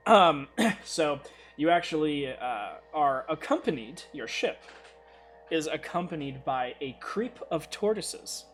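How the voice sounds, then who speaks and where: A man's voice: on the high side, expressive, slow, a bit bright, faint music behind. A man running a tabletop game as game master, explaining scenes casually with some swearing.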